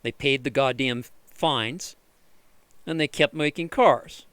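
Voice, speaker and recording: Over a screen recording, a man fixing his computer vents slowly in a clear, resonant, fairly bright voice with no echo. The vlogger is sarcastic and exasperated, cursing without restraint and imitating people in shrill tones.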